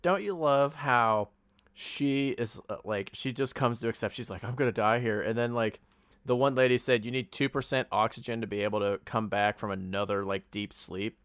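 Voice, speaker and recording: A man casually talking through a movie's plot, animated and quoting the characters as he retells scenes. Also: medium pitch, normal speed, clear, resonant tone, no echo. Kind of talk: casual movie review chat.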